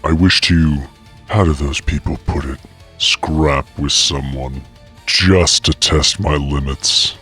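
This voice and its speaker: A man doing a deep husky half-demon brother. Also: fairly even intonation, takes it slowly, sharp tone, soft background music, full character voice. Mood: defiant.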